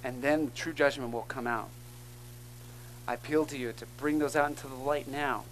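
A man's voice: medium pitch, fairly even intonation, normal speed, slight background noise, rough recording. A man preaching a sermon as pastor, earnest and emphatic, calling out to the congregation between points. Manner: earnest, emphatic preaching with call-and-response asides.

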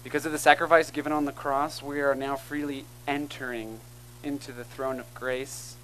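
A male pastor's sermon comes through in a low-quality recording with slight background noise. His mid-range voice is fairly bright and shows little pitch movement at a moderate pace. He preaches earnestly and emphatically, with call-and-response asides to the congregation between points.

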